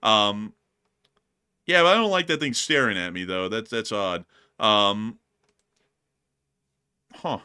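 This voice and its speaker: A man's voice: fairly low pitch, takes it slowly, pauses often, sharp tone, clean tone. A male co-host chatting casually on a livestream, laughing often and thanking supporters.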